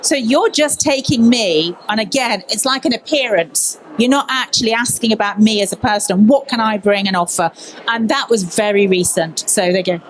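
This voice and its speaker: A woman's voice: mid-range voice, moderate pace, a little hiss or hum, poor audio. A woman news presenter from Birmingham, speaking candidly and telling stories in a conference panel discussion. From Birmingham, England. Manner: candid, animated storytelling.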